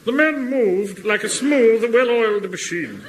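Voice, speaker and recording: A pompous, self-important Home Guard captain in an old radio comedy. His voice is high and swings widely in pitch. The archive recording carries steady hiss. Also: measured pace. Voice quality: pompous, indignant. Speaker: captain narrating a radio skit. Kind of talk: 1960s-70s radio comedy acting.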